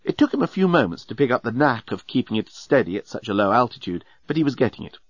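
A man narrating an audiobook in a wry, lively storytelling manner. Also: medium pitch, fast talker, dry recording, muffled recording.

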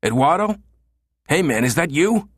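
A man voicing a young male punk who talks high and panicky, stammering in fear. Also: big pitch swings, drawn-out words, a bit bright, no room sound, studio quality, full character voice. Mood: alarmed.

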